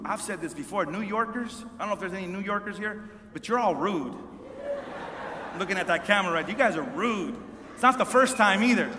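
High, bright-voiced man telling a story in a hall. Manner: animated, repeats words, addresses the audience. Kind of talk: storytelling sermon. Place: large hall with an audience. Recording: reverberant hall.

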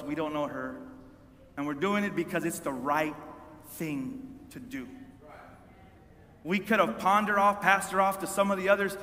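A man's voice: on the high side, bright, forceful tone. A man preaching a sermon, telling a story animatedly to an audience in a large hall, often repeating words. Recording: reverberant hall.

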